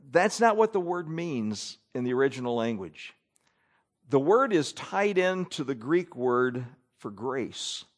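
A middle-aged male pastor preaching a sermon, acting out his listeners' thoughts in quoted asides. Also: fairly high pitch.

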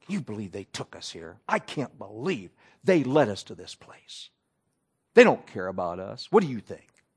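A man's voice: very animated, normal speed, breathy edge, full character voice. A man voicing grumbling complainers who mutter and sulk in their tents. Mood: sulky. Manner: low, muttering, sulky.

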